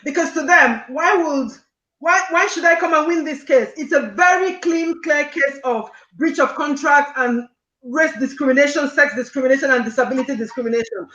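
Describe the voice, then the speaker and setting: Woman caller, distressed and earnest, high and bright, echoey muffled line. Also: moderate pace. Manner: distressed, earnest, repeats points insistently. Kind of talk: emotional personal account on a call-in show.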